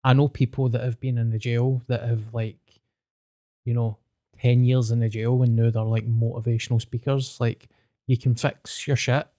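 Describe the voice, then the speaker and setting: A Scottish man with a mellow, warm tone speaks as a guest on a podcast. He is earnest and sweary, talking plainly in casual chat, and his voice sounds close and dry. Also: medium pitch, little pitch movement, normal speed, no room sound.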